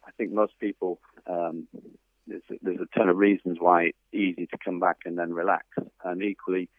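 A man's voice: low voice, no echo. A man being interviewed as a tennis author, telling stories thoughtfully with frequent fillers. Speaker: tennis author and coach, guest. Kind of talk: interview over a phone line. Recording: dry, tinny phone line.

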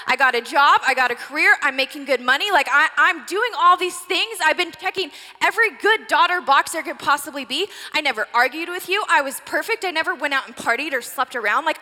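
A woman acts out a grown daughter who feels overlooked, her high voice tight with resentment. The words come as a pleading, accusing torrent. A long hall reverb trails behind them. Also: sharp tone, exaggerated voice. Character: hurt, resentful dutiful young adult daughter.

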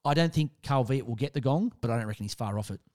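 A man's voice: medium pitch, lively intonation, fast, darkish tone. An Australian man hosting sports talk radio, upbeat and chatty, with friendly banter.

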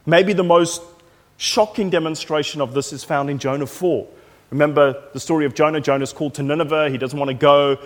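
A pastor preaching a sermon with animated, emphatic storytelling and frequent repetition. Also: male voice, a little high, brisk. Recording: echoey hall.

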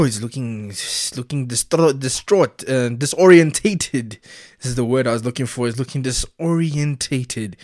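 A man chatting casually as a vlogger, excitable and slangy, laughing often. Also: on the high side, dry recording, studio quality. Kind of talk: casual chat.

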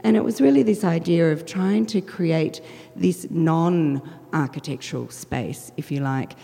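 A woman gives a public talk as a curator, her voice croaky and husky. She sits very low in pitch with a dark, mellow tone, and a long reverb trails behind her in the lecture hall. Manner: measured, with frequent ums. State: hoarse, croaky voice.

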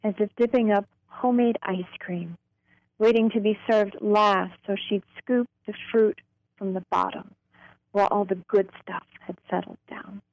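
A woman, a poet, reading her own poems aloud in a slow, deliberate way. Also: mid-range voice, fairly even intonation, creaky, no echo, lo-fi sound. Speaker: poet guest.

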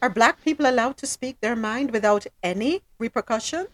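A woman's voice: a little high, brisk, fairly bright tone. A woman co-hosting a casual panel chat, emphatic and preachy, repeating her phrases for effect. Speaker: podcast co-host.

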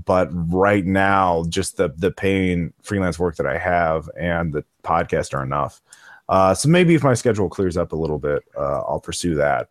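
A man's voice: deep voice, no room sound, studio quality. A man chatting casually as a podcast guest, rambling with many restarts and fillers. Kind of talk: casual chat.

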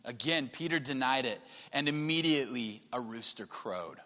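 A man preaching a sermon, dropping to a hushed low voice and then rising to loud, emphatic lines. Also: expressive, normal speed. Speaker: pastor. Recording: long hall reverb.

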